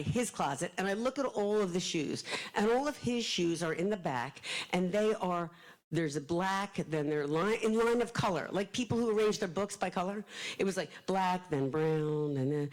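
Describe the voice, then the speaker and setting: Animated woman telling stories to an audience. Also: mid-range voice, rough recording. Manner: animated, self-deprecating storyteller acting out quotes. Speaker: author speaking at a library event. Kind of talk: storytelling talk to a live audience.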